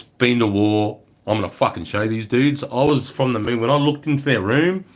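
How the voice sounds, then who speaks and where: A middle-aged Australian man chatting casually on a livestream, swearing freely as he tells stories. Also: mid-range voice. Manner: swears freely, relaxed storytelling. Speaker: livestream host.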